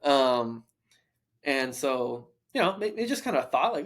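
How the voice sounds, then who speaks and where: A young man co-hosting a casual book podcast, thinking out loud with many fillers and restarts. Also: medium pitch, big pitch swings, a little slow. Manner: rambling, stream of consciousness, many fillers and restarts. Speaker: podcast co-host.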